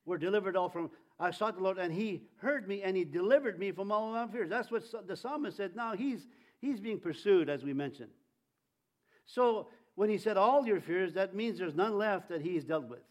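A man preaching a sermon in a high voice, fervent and rousing. He calls on the congregation to answer him and repeat his lines. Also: animated, moderate pace. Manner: fervent, leads congregation in call-and-response.

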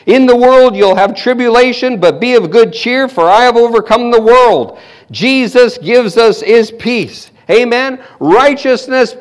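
High-pitched preacher guy, exuberant sermon, keeps calling for amens and laughing. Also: measured pace. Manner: exuberant, breaks into laughter, repeats call-and-response. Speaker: pastor.

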